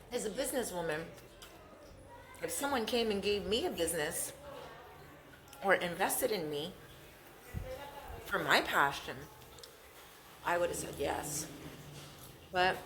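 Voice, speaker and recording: Lady vlogging while she eats, kinda low voice, rambly and chatty, noisy background. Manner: chatty, repeats herself, talks with mouth full. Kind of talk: casual talk to camera while eating.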